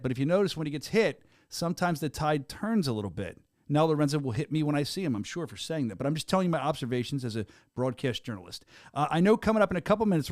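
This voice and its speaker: A man hosting a fight podcast, rattling along at a quick clip in a fairly high voice. He talks with rambling, excitable hype-man energy. The sound is dry and close, with no room echo. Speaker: podcast host and venue announcer. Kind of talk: casual interview chat.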